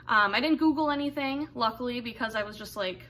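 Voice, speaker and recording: A woman's voice: fairly high pitch, quick pace, pushed and bright, a little hiss or hum. A young woman candidly telling a personal story in a casual, rambling way, full of fillers and asides. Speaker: vlogger telling her birth story.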